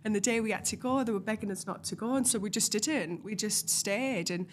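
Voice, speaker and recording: A woman's voice: mid-range voice, fairly quick, slight background noise. Blunt, sweary young woman from the North East. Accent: North East English. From North East England. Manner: blunt, swears freely, acts out her own past lines. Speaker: podcast guest. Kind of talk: casual chat.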